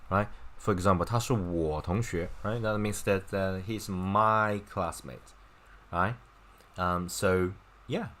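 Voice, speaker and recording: A man's voice: sits low, a bit bright. A man teaching a casual Chinese lesson, chatty, with wry asides and frequent "right?" and "okay?" checks. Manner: wry, mocking asides with laughs.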